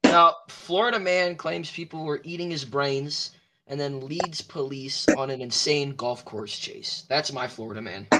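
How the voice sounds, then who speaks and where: A teenage boy in casual chat with friends, reacting loudly and laughing easily. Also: fairly high pitch, a little slow. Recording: noisy home recording.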